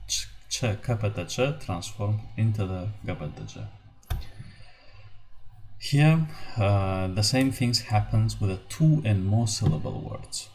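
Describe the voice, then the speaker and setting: A man teaching a language lesson, explaining rules in a slow, halting way with many fillers. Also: lowish voice, animated, darkish tone.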